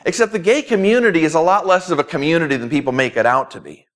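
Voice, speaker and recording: A male pastor delivers a sermon in an earnest, emphatic way, stacking repeated phrases for weight. His voice sits somewhat higher than most men's. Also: fast. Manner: earnest preaching with emphatic repetition.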